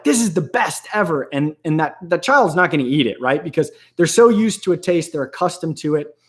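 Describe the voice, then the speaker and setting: Host: man, casual live-stream talker, rambling, laughs often, slightly high voice.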